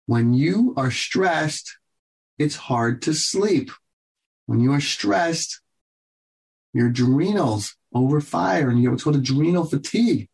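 A man hosting a radio health show as a doctor, giving advice in an earnest, repetitive coaching tone with quick bursts. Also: a little high, lively intonation, vocal fry, darkish tone, breathy edge.

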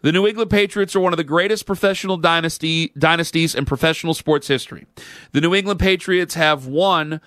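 A man's voice: on the high side, brisk, fairly bright tone, no room sound, clean studio sound. A man hosting a sports talk radio show, delivering a sarcastic, opinionated rant.

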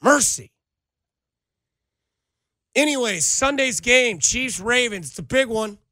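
Sarcastic radio sports guy, high bright voice, dry studio sound. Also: expressive, slow pace, no room sound. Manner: sarcastic, ranting. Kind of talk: sports talk radio banter. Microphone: studio microphone.

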